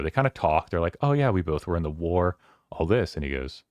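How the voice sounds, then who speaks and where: Deep-voiced man chatting about a book. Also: sing-song, dry recording. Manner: rambling, paraphrases scenes in quick bursts. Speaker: book club host. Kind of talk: casual book discussion on stream.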